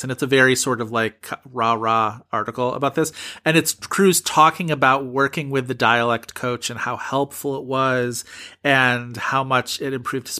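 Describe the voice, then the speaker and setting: Bright-voiced man chatting casually. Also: medium pitch. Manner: rambling, lots of fillers and restarts. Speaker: podcast co-host. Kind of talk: casual chat.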